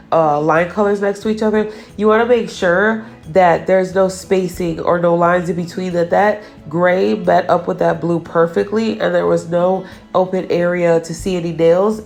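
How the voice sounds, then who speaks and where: A woman's voice: fairly low pitch, creaky, darkish tone. A woman nail artist giving a casual voice-over for her nail art tutorial, chatty and teasing herself about her own mistakes.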